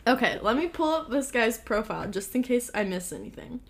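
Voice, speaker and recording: Young female podcast co-host, a little high-pitched, chatty and animated storyteller. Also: a little fast. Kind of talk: casual chat.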